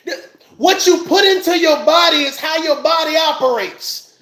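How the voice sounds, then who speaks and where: A man giving a heated, scolding commentary rant, loud and emphatic, often laughing as he talks. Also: very high-pitched, normal speed, reverberant. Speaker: commentary vlogger.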